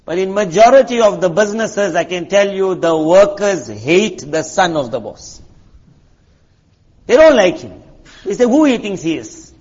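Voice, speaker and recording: A man's voice: high-pitched, animated, unhurried, darkish tone, slightly rough, in a large hall. A man preaching a sermon in a conversational, storytelling way, asking his listeners rhetorical questions. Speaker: Islamic preacher. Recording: muffled lo-fi recording.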